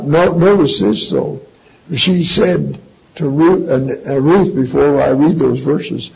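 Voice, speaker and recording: An older man preaching a sermon as pastor, his gravelly voice jumping into high, emphatic outbursts. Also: muffled recording.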